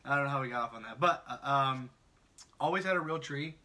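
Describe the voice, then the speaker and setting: A man's voice: mid-range voice, fast, sharp tone, far from the mic. A young man from the United States chatting casually on a podcast, telling loose stories with lots of laughter and swearing. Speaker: podcast host. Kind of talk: casual chat.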